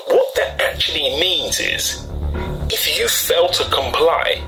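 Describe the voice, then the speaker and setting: A man's voice: on the high side, sing-song, takes it slowly, pushed and bright, faint music behind, rough recording. A man with a British accent hosting a casual explainer video, talking with wry, chatty asides. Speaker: video host.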